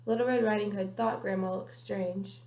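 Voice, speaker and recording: A woman's voice: mid-range voice, fairly even intonation, moderate pace, a little mellow. A young woman reading a children's picture book aloud carefully, with small slips now and then. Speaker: guest reader. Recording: echoey room.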